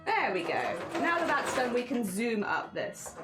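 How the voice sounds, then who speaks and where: A woman's voice: a little high, big pitch swings, normal speed. A woman streamer chatting casually while she sews, talking to her sewing machine, with machine noise and music behind her.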